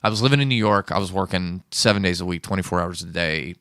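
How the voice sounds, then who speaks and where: A man's voice: deep voice, fast, no echo, studio quality. A man in his thirties from Pittsburgh, a podcast guest rambling through stories and swearing freely in casual chat. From Pittsburgh, USA. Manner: rambling, animated storyteller who swears freely. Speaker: podcast guest, producer and comedian.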